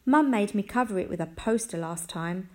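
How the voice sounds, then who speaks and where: A woman's voice: mid-range voice, normal speed, darkish tone, natural voice. A woman voicing a cheeky, mischievous young boy with a bouncy manner.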